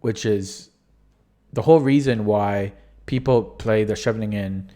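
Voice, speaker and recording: A man's voice: lowish voice, unhurried, dark tone. A young man who is losing his voice, talking casually through his own chess tournament games on a live stream. He rambles, stops to correct himself and lets sentences trail off.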